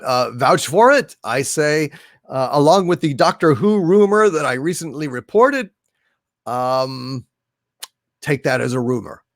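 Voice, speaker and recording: A man's voice: a little high, dry recording, clean studio sound. A man hosting a live stream who reads viewer chat messages aloud and greets viewers theatrically. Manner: theatrical, hailing viewers grandly.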